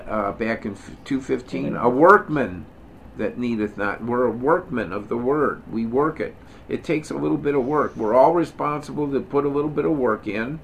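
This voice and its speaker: Middle-aged male Bible teacher, casual and digressive, mid-pitched voice, stresses the scripture he reads. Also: creaky, a little hiss or hum. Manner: digressive, self-correcting, joking asides; reads scripture aloud with emphasis. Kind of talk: informal Bible study teaching.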